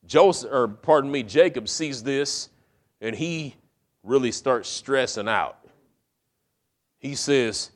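A man's voice: medium pitch, slow, long pauses. A middle-aged male preacher retelling a story in a casual, conversational way, acting out the characters' lines. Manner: casual retelling with acted-out quotes. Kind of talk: storytelling sermon.

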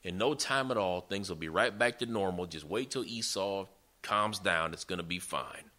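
A man's voice: sits low, normal speed, pushed and bright. A man voicing a scheming mother who coaxes and reassures her son in a sermon retelling. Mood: coaxing. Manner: coaxing, reassuring.

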